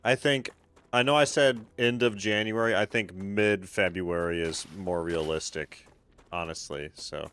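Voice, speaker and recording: Deep-voiced streamer, laid-back and swearing. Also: male voice, measured pace, a bit bright, smooth. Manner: chats with viewers by name. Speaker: game streamer. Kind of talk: casual live-stream chat while gaming.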